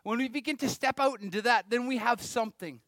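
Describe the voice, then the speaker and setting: Man, middle-aged preacher, very high voice, close and dry, chatty sermon with rhetorical questions. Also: fairly quick, a bit bright, no room sound. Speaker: pastor.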